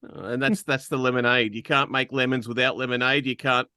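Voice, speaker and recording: A man's voice: medium pitch, steady tone, brisk, pushed and bright, clear, resonant tone, dry recording. A man co-hosting a casual film review podcast, giving dry plot recaps with wry jokes. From Australia. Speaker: podcast co-host.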